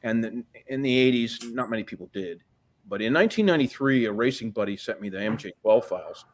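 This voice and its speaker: A man's voice: medium pitch, fast talker, a little hiss or hum. A man in his fifties, a guest in an interview, telling long rambling stories with plenty of swearing and acted-out quoted dialogue. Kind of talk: casual storytelling interview.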